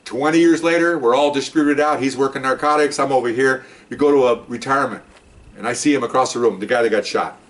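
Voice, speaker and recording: An older man, a retired police officer, telling a story in a casual, animated way and acting out the people he quotes. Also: medium pitch, fast talker. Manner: animated, acts out quoted voices.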